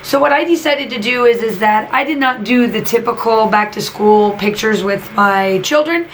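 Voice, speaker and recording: A woman's voice: fairly high pitch, moderate pace, a little hiss or hum, rough recording. A woman, chatting enthusiastically while she crafts and talks to her channel, with many fillers. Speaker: craft YouTuber and teacher. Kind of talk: casual crafting vlog voice-over.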